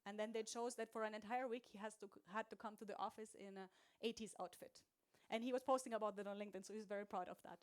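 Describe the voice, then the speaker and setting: A woman's voice: medium pitch, fairly even intonation, quick pace. A woman giving a casual, chatty meetup presentation, with frequent fillers and light laughs. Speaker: speaker at a meetup. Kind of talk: conference presentation.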